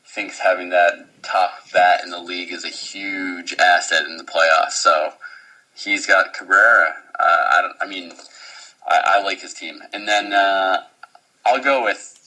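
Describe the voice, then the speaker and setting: A man's voice: low voice, sharp tone, poor audio. A man hosting a podcast about fantasy baseball in casual chat, asking questions and joking. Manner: quick, joking, asks questions.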